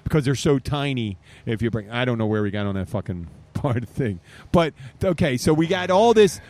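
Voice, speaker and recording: A man's voice: medium pitch, expressive, a little fast, darkish tone. A man hosting a podcast from an outdoor bar stage, telling rambling, profane stories in casual chat. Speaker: podcast host.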